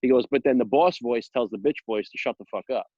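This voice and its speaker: A man co-hosting a casual podcast, telling stories in an animated way with lots of "you know" and "like". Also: medium pitch, fairly quick, husky, dry recording, highs cut off. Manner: animated storyteller, full of fillers like "you know". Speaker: podcast co-host.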